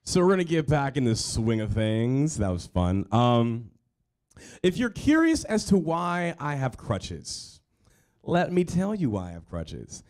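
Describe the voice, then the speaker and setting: A man's voice: medium pitch, very animated, unhurried, darkish tone. Rambling, joking male show host. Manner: rambling, self-deprecating, joking with the audience. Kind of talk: casual stage banter. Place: stage at a live storytelling show.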